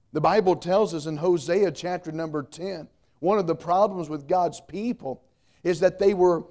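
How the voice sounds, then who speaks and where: A middle-aged pastor preaching with emphatic repetition and homespun humor. His voice sits a touch high for a man yet sounds mellow and warm. He leans hard on his key points. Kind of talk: sermon.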